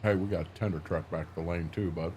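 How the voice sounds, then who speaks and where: Low-voiced older man chatting on stream. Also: steady tone, fast talker, a little mellow, slight background noise. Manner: rambling, repeats words while thinking; plainspoken, folksy. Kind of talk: casual live-stream chat.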